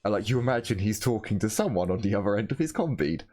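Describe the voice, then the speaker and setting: A man's voice: lowish voice, expressive, fast, darkish tone. A man narrating a tabletop game as game master, wandering along with plenty of fillers and restarts. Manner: meandering, full of fillers and restarts.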